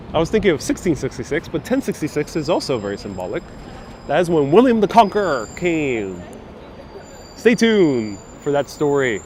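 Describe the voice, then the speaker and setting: On a live-streamed city bus tour, a man with a fairly high, slightly mellow voice chats casually and reads out what viewers comment. The background carries faint street and traffic noise.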